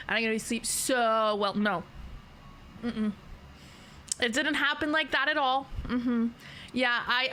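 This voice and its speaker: Giggly, sleepy woman streamer with a bright voice. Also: a little high, slight background noise. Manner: giggly, rambling, slangy. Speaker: livestreamer. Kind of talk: casual chat.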